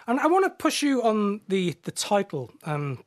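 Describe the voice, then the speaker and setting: A man with a fairly high voice, a professor on the show, asks reflective questions. He pushes gently and hedges with fillers as he builds his point. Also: huge pitch swings, moderate pace. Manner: reflective, probing, with hedging fillers. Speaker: guest, professor. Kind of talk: thoughtful interview questions.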